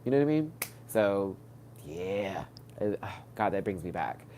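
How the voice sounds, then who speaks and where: A low, dark voice with big pitch swings and a measured pace comes through with slight background noise. The man is hosting a live stream on a webcam or phone mic, stuffed up from crying, rambling through personal stories with frequent fillers and restarts.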